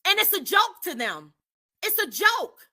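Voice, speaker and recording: High, bright-voiced indignant woman. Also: sing-song, measured pace. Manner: repetitive, emphatic, indignant. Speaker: commentary streamer. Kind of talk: indignant live commentary.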